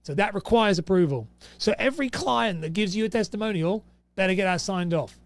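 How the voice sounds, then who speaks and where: A man's voice: high-pitched, animated, a little fast. Sarcastic, exasperated man. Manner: exasperated, sarcastic, reading aloud and reacting. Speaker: host. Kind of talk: casual commentary to camera.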